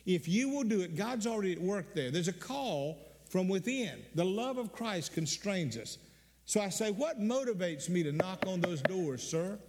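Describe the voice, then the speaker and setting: A man's voice: sits high, big pitch swings, normal speed, darkish tone. Older male pastor in a reverberant hall. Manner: earnest storytelling with repeated words and sudden emphatic rises. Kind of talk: sermon.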